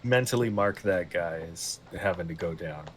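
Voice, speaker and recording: A man playing a tabletop game, stating his plan calmly. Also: low voice, moderate pace, a little hiss or hum. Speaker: player. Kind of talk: casual tabletop play.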